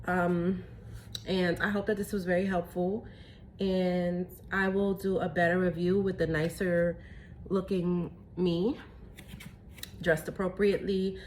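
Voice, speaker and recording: A woman chatting excitedly through a casual phone tutorial at home, saying y'all. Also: lowish voice, a little hiss or hum. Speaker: tea seller showing her teas.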